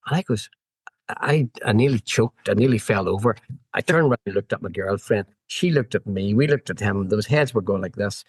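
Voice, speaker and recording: A middle-aged man with a Northern Irish accent, a podcast guest telling animated anecdotes full of quoted back-and-forth dialogue. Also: on the low side, a little fast, husky, no room sound. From Northern Ireland. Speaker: guest, former road racer. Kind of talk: storytelling in a podcast interview.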